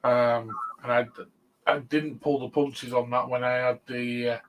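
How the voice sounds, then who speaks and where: A laid-back man hosting a relaxed chat show, talking at an ordinary pitch. He keeps it chatty and breaks into easy laughs as he goes. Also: measured pace, low-quality recording. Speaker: host. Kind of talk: casual chat.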